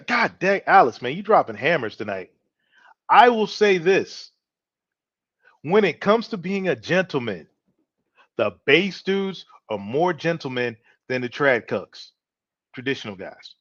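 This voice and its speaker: A man with a drawl hosts his own opinion show, talking to his listeners in a loose, swaggering way. His voice sits a little high for a man. The recording is dry and dull, like a cheap home mic. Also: dry recording. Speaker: podcast host. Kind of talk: casual opinion talk.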